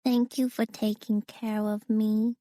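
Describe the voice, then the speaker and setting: A woman voicing a sick little boy who speaks slowly in a whiny, pitiful way. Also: a little high, level tone, dark tone, no room sound, studio quality, pitched above the performer's own voice. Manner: slow, plaintive, whimpering.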